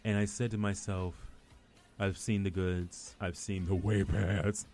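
A man's voice: deep voice, flat delivery, unhurried, a little mellow, faint music behind. A middle-aged man with a West Indian accent, an actor chatting as a guest and telling rambling stories full of restarts. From West Indies. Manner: rambling storyteller with many restarts. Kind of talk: casual chat.

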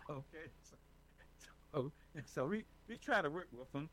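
A man being interviewed as a residents' advocate, talking in an animated, emphatic way and often checking in with the listener. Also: fairly high pitch, moderate pace, a little hiss or hum, rough recording. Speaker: senior residents' advocate, guest. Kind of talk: casual interview talk.

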